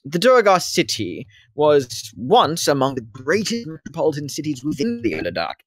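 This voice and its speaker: A man's voice: on the high side, huge pitch swings, normal speed, no room sound. A man putting on a rambling British slave-owner. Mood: chatty. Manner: rambling, fussy and formal. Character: rambling male former slave turned wealthy slave-owner. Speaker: non-player character. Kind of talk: tabletop role-play voicing.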